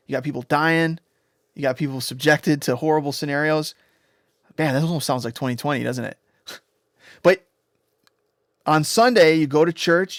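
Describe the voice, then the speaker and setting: Male music producer streaming, higher-pitched, excitable and rambly, profane, dry mic. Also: no echo. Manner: rambling, excitable, profane, tags "right?" and "you know?". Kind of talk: casual livestream explanation.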